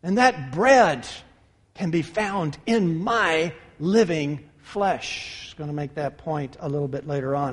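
Emphatic high-voiced preacher in a hall. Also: male voice, a little slow. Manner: emphatic, addresses listeners as brothers and sisters. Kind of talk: sermon. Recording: long hall reverb.

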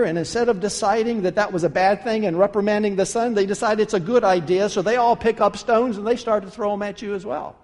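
A man preaching a sermon, telling an animated story and acting out the folksy dialogue of its characters. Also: high-pitched, in a large hall. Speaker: pastor.

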